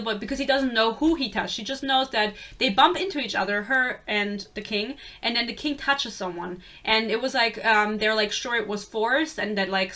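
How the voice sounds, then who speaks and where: A young woman talks through a book in a loose, rambling rant, sarcastic and quick to swear. Her voice sits a little high and sounds bright and sharp. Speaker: book reviewer.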